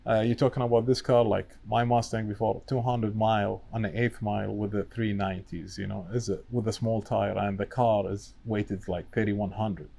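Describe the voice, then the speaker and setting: A man's voice: fairly low pitch, little pitch movement, normal speed, vocal fry, few pauses, warm tone. A man chatting casually as a podcast guest, in broken English that is not his first language, talkative and peppered with "you know". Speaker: guest, wiring business owner.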